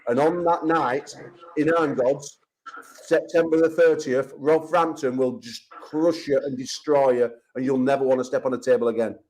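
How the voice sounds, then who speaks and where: An English man hosts a rowdy call-in chat show with a middle-pitched voice. He swears freely and trash-talks with brash bravado. His delivery is loud and blunt. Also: steady tone, moderate pace, a little hiss or hum, rough recording. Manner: profane, brash trash talk. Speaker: host.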